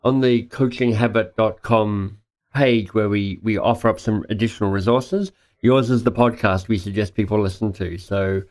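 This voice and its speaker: A man hosting a podcast interview, enthusiastic and gushing, quick to laugh. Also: on the low side, steady tone, a little mellow. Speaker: podcast host. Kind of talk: casual interview.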